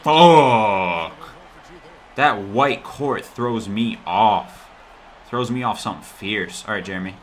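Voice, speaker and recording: A man's voice: lowish voice, slow. A man talking over his own basketball video game, cheering and groaning at the players and muttering to himself between plays. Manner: excitable, talks to the players on screen, swings from mutters to yells. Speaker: gaming YouTuber. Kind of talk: live gameplay commentary.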